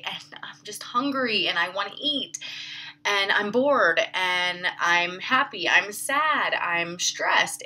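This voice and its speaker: Young woman fitness coach, lowish pitch, bright tone, earnest and self-critical vlog delivery. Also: low-quality recording. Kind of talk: personal confessional vlog.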